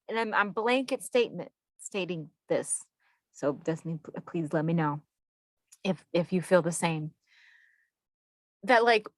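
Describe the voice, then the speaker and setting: A woman guest therapist chatting casually on a podcast, telling stories with lively acted-out quotes, saying y'all and swearing casually. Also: medium pitch, no echo. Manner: animated storyteller who acts out quoted people.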